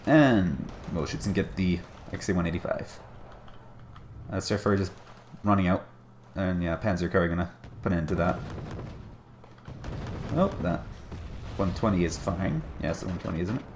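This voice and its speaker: Male caster, deep and gravelly, casual wry play-by-play for a strategy game. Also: normal speed, darkish tone, slight background noise. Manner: chatty, wry, self-deprecating asides.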